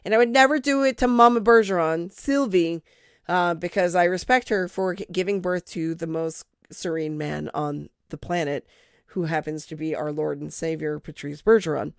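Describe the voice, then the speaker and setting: A woman hosting a casual fan podcast, talking in animated, rambling bursts with laughing asides. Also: fairly low pitch, normal speed, dry recording, studio quality. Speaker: podcast host.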